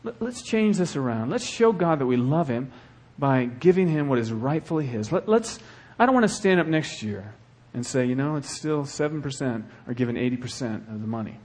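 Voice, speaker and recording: A man preaching a sermon as the church's pastor, swinging between hushed, earnest talk and loud, fervent exhortation. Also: medium pitch, lively intonation, moderate pace, few pauses, slightly rough.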